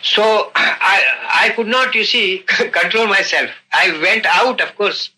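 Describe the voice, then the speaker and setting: Older man recounting memories, bright voice. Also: high voice, rough recording. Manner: earnest, halting with fillers and "you see". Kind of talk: unscripted storytelling.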